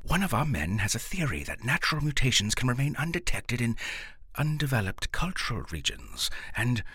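Man doing a pompous scientist, voice pitched up, fussy and flustered, storybook reading. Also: very animated, moderate pace, bright, forceful tone, breathy edge, no room sound, studio quality, exaggerated voice. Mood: lecturing. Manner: precise, pompous, growing flustered. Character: stuffy flustered male city scientist, big and solemn.

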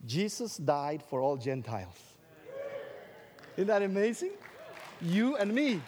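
A man's voice: high voice, expressive, takes it slowly, a little mellow, a faint crowd. A man preaching a sermon to an audience, drawing out scripture phrases for emphasis and tossing in questions and jokes. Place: large hall with an audience. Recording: long reverb of a large hall.

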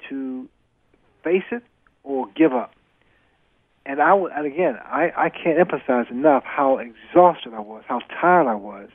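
Male guest, gravelly, earnest storyteller who repeats himself for emphasis, phone-line sound. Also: medium pitch, no echo. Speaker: retired boxer, guest. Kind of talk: interview storytelling. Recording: dry tinny phone line.

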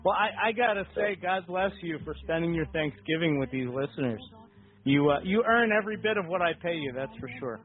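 A man's voice: fairly high pitch, lively intonation, a little fast, soft background music. A man hosting a wrestling call-in podcast, chatting casually and joking with his co-host and callers. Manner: jokey, upbeat banter. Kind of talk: casual call-in show chat. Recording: tinny phone-like sound.

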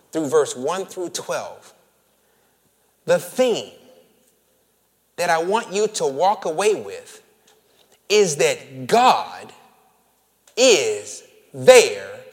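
A man preaching a sermon, moving from hushed, whispered lines to loud, emphatic calls, stretching words for emphasis and calling his listeners family. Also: medium pitch. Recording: long reverb of a large hall.

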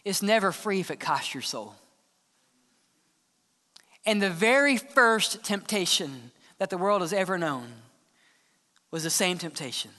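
A man preaching a sermon as the church's pastor, earnest, sometimes dropping to a hushed tone to press a point. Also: sits high, lively intonation, measured pace, pauses often. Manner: earnest preaching, drops to hushed tones for emphasis. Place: church sanctuary. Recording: long church hall reverb.

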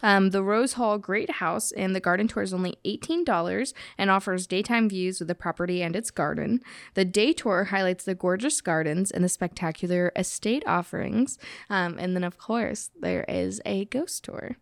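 A woman's voice: medium pitch, normal speed, creaky, no echo, clean studio sound. A woman co-hosting a podcast, chatting playfully with lots of fillers. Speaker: podcast co-host. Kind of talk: casual chat.

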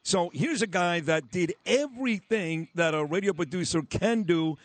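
A man's voice: high-pitched, moderate pace, dry recording. A man hosting a live radio talk show, boisterous and joking with a guest. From New York. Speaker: radio host.

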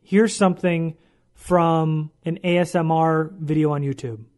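A man's voice: fairly high pitch, steady tone, a little slow, darkish tone. A man hosting his own podcast in a casual monologue, joking and poking fun at himself as he rambles. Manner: jokey, self-mocking, rambling. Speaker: podcast host.

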